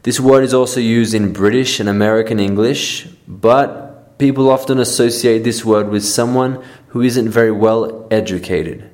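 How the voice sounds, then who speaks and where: A man from Australia with an Australian accent, reading a scripted English lesson aloud and explaining terms in a steady, plain way. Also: mid-range voice, normal speed. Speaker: English teacher.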